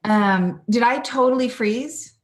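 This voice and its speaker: A woman's voice: a little high, slow pace, echoey room. A Canadian woman speaking earnestly and reflectively as an interview guest over a video call.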